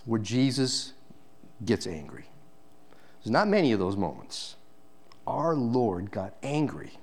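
A male pastor preaching a sermon, swinging between loud emphatic peaks and quiet, intense passages, with rhetorical questions to the congregation. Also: on the low side.

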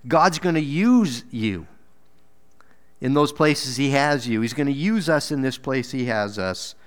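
Guy preaching in church, earnest, pushes up loud then drops quiet, mid-pitched voice. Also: expressive, a little slow, smooth. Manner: earnest, exhorting, repeats words, rises for emphasis then drops low. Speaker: pastor. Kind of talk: sermon.

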